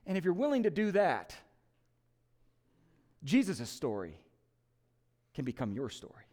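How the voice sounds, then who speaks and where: A male pastor preaching in church with a high, very animated voice. He swings between loud proclamation and quiet pleading. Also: unhurried. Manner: emphatic, swinging from loud to hushed. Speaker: lead pastor. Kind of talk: Easter sermon.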